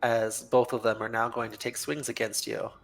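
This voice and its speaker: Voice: medium pitch, flat delivery, moderate pace, creaky, faint music behind, low-quality recording. A game master narrating a tabletop game in a laid-back way, laughing often.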